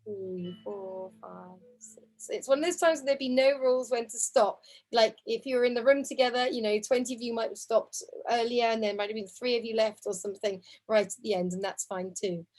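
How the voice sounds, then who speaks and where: A woman's voice: on the high side, steady tone, fast, hardly any pauses, darkish tone, rough recording. A woman teaching a harp group over a video call, counting beats aloud and humming the tunes. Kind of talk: online group music lesson. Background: harp playing.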